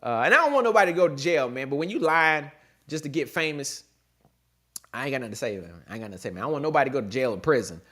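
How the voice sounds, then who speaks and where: A man's voice: mid-range voice, sing-song, rapid-fire, bright, forceful tone. A young man hosting his own comedy podcast, riffing loosely in slang and laughing at his own jokes. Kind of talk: casual comedic monologue.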